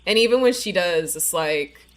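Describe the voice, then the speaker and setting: A woman's voice: lowish voice, animated, normal speed, background noise. A woman streaming a game live, chatting casually with lots of "like" and "you know", her speech a little slurred from a bitten tongue. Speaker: livestream gamer. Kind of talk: casual live-stream chat while playing.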